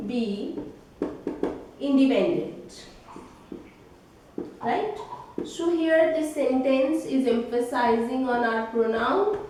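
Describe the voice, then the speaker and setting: A woman teacher with an Indian English accent and a high voice talks slowly through a grammar lesson. She keeps checking in with a questioning "right?" at the end of her points. She is heard from a distance in a very echoey room, with a faint hiss underneath. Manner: slow, explanatory, ends phrases with a questioning "right?".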